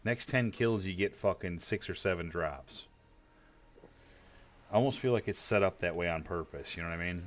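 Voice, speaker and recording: A man's voice: low-pitched, normal speed, slight background noise. A man streaming an online game, chatting casually with a teammate, stammering and repeating words and swearing offhand. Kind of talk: casual gaming chat.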